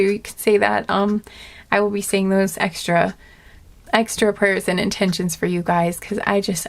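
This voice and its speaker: A woman giving a casual spoken tarot reading to her viewers, gentle and earnest, rambling with many fillers and restarts. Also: medium pitch. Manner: earnest and emotional. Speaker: tarot reader.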